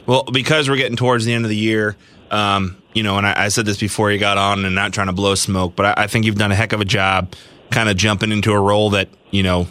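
A man's voice: fairly low pitch, little pitch movement, fast talker, pushed and bright, no room sound. A man hosting a podcast, talking in a friendly, rambling way with many fillers. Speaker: podcast host. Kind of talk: casual podcast chat.

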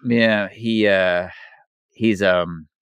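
Very deep-voiced rambling man. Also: fairly even intonation, drawn-out words, a bit bright, clean tone, no echo. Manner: rambling, many fillers and restarts. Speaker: podcast co-host. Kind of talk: casual movie chat.

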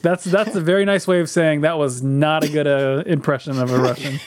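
Man, co-host, casual chat, playful, laughs often, fairly high voice. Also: steady tone, fairly quick.

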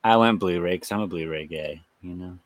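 A man's voice: low-pitched, brisk, no room sound. A man co-hosting a horror podcast, chatting casually with wry, profane jokes. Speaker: podcast co-host. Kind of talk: casual chat.

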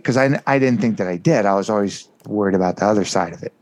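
A man with a fairly low voice talks openly about his own life as an interview guest. He tells it earnestly and with animation, with frequent casual asides to the listener. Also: fast, few pauses, a little mellow. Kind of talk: candid personal storytelling.

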